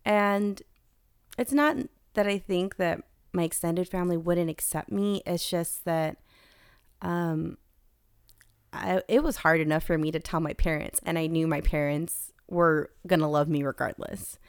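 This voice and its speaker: A young American woman, a podcast guest, telling personal stories in a candid, animated way. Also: fairly low pitch, unhurried, clean tone, no echo, clean studio sound. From United States. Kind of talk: casual conversation.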